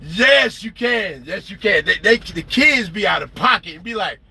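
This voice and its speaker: A man's voice: high voice, lively intonation, normal speed, creaky, sharp tone, breathy edge. A man telling stories in a casual, profane rant on a porch, and he acts out the people he quotes. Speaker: trucker vlogger. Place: porch, outdoors.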